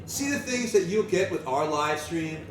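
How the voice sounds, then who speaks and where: A man's voice: a little high, lively intonation, normal speed. A man hosting a tabletop game live stream as dungeon master, joking and self-mocking. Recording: echoey room, distant mic, noise.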